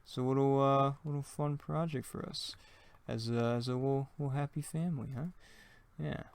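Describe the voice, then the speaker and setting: A man's voice: medium pitch, fairly even intonation, normal speed, creaky, clear, resonant tone. A young man hosting his own gaming channel, chatting casually and thinking aloud as he plays, with self-mocking jokes and plenty of rambling asides. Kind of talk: casual let's-play commentary.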